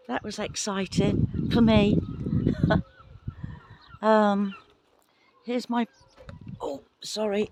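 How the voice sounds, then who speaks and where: A gardening vlogger shows off her garden plot outdoors on a windy day, holding her phone camera and speaking casually. She sounds excited and a bit apologetic, and her voice is a little high.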